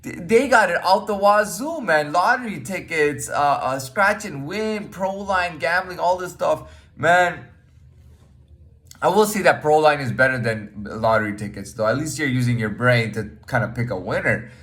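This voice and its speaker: A man's voice: on the high side, lively intonation, moderate pace, a bit bright. A man talking casually in a rambling monologue, full of fillers and restarts, blunt and swearing freely. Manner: rambling, repeats himself, frequent fillers and "man". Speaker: podcast host.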